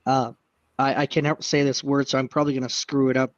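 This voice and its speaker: A man's voice: mid-range voice, flat delivery, fast, no echo. A man in a casual livestream chat, rambling and hesitant, filling his talk with lots of "uh" and "like". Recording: dull lo-fi stream audio.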